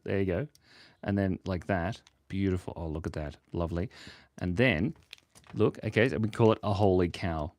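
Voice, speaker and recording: A man live-streaming himself drawing, chatting playfully and rambling with his viewers from his home in Australia. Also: fairly low pitch. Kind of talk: casual livestream chat while drawing.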